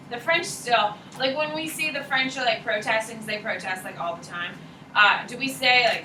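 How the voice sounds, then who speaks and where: A woman teaching a high school history class, talking casually and candidly and swearing offhandedly as she lectures. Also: lively intonation, brisk, noisy background. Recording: echoey classroom from far off.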